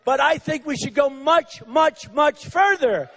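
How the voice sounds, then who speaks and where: Man, 60s, candidate at a rally; very high pitch, repetitive, mocking delivery with acted quotes. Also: a little slow, a bit bright. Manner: acts out quotes of others. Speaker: political candidate. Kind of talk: campaign rally speech.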